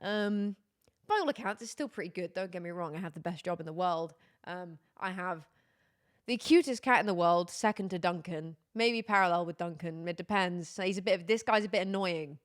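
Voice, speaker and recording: A woman's voice: on the low side, normal speed. A young woman, chatting candidly with her stream viewers, wry and laughing through her complaints. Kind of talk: casual chat to stream viewers.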